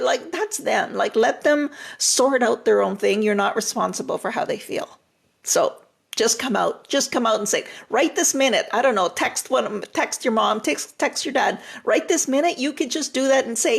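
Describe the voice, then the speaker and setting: On a live stream, a retired relationship therapist, an older woman with a deeply gravelly, husky voice, offers advice at a moderate pace. Her delivery is direct and reassuring, and she often repeats a phrase to drive it home.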